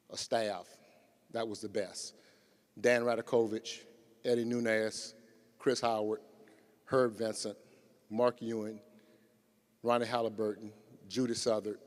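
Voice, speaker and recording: Male eulogist, anecdotal and lively, recorded with arena reverb. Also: fairly low pitch. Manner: warm storytelling, acting out quotes. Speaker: former athletics colleague giving a tribute. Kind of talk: memorial tribute, humorous anecdote. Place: large arena memorial service. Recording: long reverb in a big arena.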